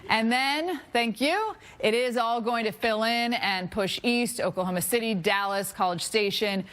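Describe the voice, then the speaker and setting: A middle-aged woman presenting a live TV weather forecast, lively and chatty, laughing at her own slips. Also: a little high, unhurried.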